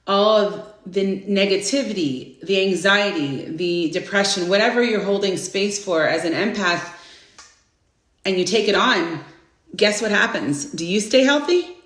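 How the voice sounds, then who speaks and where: A woman in her forties hosts a casual live stream, talking warmly about personal growth and breaking into excited greetings for viewers. Her voice sits in a middle pitch. The sound is roomy, with a noticeable echo around her. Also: a little slow. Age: 40s. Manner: effusive, greets viewers by name with bursts of excitement. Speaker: host of a live inspirational stream.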